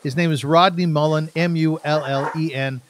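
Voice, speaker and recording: A man's voice: fairly high pitch, fairly even intonation, moderate pace, slight background noise. A Canadian man hosting an interview, chatty and enthusiastic. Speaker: podcast host. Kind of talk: casual interview.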